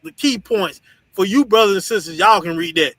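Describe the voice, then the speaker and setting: A man's voice: high-pitched, brisk, fairly bright tone, no echo, low-quality recording. A man leading a group discussion as its teacher, lecturing bluntly with profanity and often asking "you understand?". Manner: blunt, profane and scolding, laughs between points. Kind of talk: preachy lecture to an online audience.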